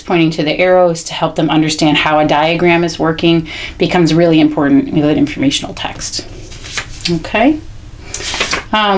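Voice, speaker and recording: A woman teaching parents how to read aloud to children, chatty and explanatory with frequent "um" and "okay?" check-ins. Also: low voice. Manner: reads sample text slowly with stressed words. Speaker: literacy educator. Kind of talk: instructional video demonstrating read-alouds.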